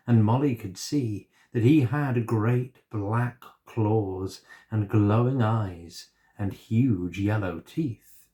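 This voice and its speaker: A male storyteller reading a children's story aloud, unhurried and expressive. His voice sits low and gentle, and he takes his time over each line.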